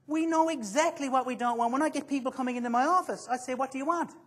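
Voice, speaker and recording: A man's voice: extremely high pitch, fast talker, fairly bright tone. A man giving a motivational seminar to a live audience, joking and quizzing the listeners as he goes. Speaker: motivational speaker.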